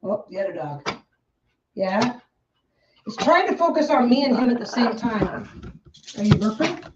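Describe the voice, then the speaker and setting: Woman, quilting vlog, rambling casual chat, high-ish voice, muffled lo-fi camera sound. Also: sing-song, unhurried, background noise. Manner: rambling, restarts, coos to her dogs. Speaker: quilting vlogger. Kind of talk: casual chat while crafting.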